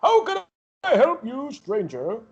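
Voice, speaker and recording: A man doing a loud, boastful blacksmith. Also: extremely high pitch, huge pitch swings, unhurried, breathy edge, lo-fi sound, pitched above the performer's own voice, exaggerated voice. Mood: boisterous.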